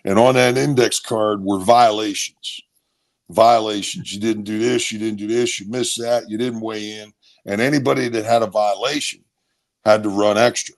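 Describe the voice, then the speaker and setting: Middle-aged man from Maryland, former football player, gravelly voice, animated storytelling. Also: fairly low pitch, normal speed. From Maryland, USA. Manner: animated storyteller who acts out other voices. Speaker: former college football player, interview guest. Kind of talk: casual storytelling.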